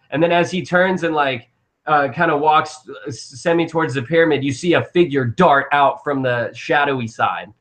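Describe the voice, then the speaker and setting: A man's voice: fairly high pitch, moderate pace, a bit bright. A young man narrating as game master, rambling with lots of fillers and restarts.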